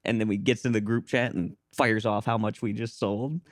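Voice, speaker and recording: Low-voiced young man telling a story. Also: fairly quick, dry recording, clean studio sound. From small-town American. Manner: animated storyteller acting out quoted voices. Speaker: podcast host. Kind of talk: casual storytelling.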